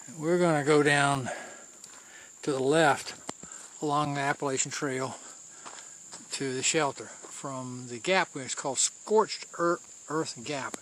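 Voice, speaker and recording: Bright-voiced man narrating a trail hike. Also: medium pitch. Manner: chatty, loosely guiding viewers, restarts phrases. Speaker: hiker scouting a trail. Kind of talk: casual walking commentary to camera. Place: outdoors on a mountain trail.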